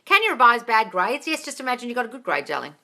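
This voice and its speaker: Blunt Australian woman, bright voice. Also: a little high, quick pace. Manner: blunt, swears casually, calls viewers darling; reads out viewer comments in a lively voice. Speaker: manifesting coach answering live-stream questions. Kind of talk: casual live-stream Q&A.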